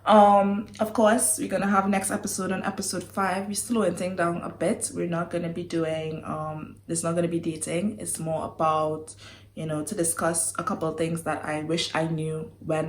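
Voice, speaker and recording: A woman's voice: deep voice, moderate pace, slight background noise. A young woman from Trinidad, chatting casually and animatedly on her vlog, laughing often. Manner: giggly, animated and apologetic. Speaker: vlogger. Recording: echoey room.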